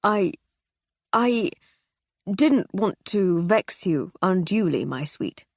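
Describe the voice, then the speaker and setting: A woman's voice: fairly low pitch, expressive, slow, darkish tone, dry recording, clean studio sound, full character voice. A woman voicing a nervous, henpecked upper-class husband who stammers. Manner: stammering, timid.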